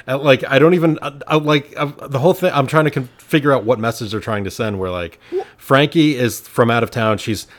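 A man's voice: medium pitch, a little fast. A man in a casual film review chat, blunt and swearing, poking fun at the characters. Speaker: podcast co-host.

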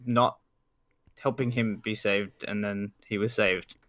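A man, a podcast co-host answering in a deadpan, literal way. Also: on the low side, slow pace, dry recording. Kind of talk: casual podcast chat.

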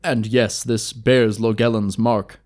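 A man's voice: lowish voice, level tone, slow pace, darkish tone. Man doing a solemn elf scout. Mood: solemn, urgent. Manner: earnest and formal.

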